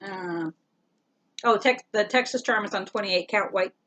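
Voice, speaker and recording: A woman's voice: medium pitch, unhurried, bright, forceful tone, dull audio, a little hiss or hum. A woman co-hosting a casual show-and-tell chat, easygoing and rambling with plenty of fillers. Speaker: co-host.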